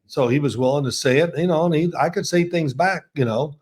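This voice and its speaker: An older man, a guest on an interview show, telling animated stories and laughing as he goes. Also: a little high, brisk, slightly rough. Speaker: guest, former quarterback. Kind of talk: storytelling in an interview.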